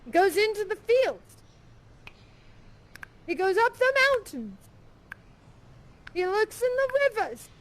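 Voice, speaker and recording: A woman with a very high voice improvising a playful, theatrical tale. She narrates with dramatic flair over faint background noise. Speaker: storyteller. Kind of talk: improvised puppet-show storytelling. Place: virtual reality game.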